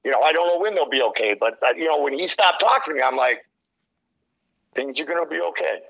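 A man's voice: fairly high pitch, lively intonation, racing, creaky, fairly bright tone, lo-fi sound. A middle-aged man, a sports commentator on a podcast as a guest, telling stories casually, acting out quotes and laughing often. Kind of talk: casual storytelling.

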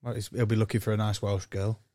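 A man's voice: on the low side, flat delivery, fast, mellow, dry recording. A man co-hosting a podcast, telling stories with heavy swearing and exasperation. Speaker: podcast co-host. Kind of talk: casual storytelling.

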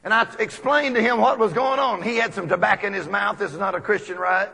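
A man from Texas, preaching a folksy storytelling sermon full of animated anecdotes. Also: high-pitched, fast talker, vocal fry, slightly rough. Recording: long echoey hall reverb.

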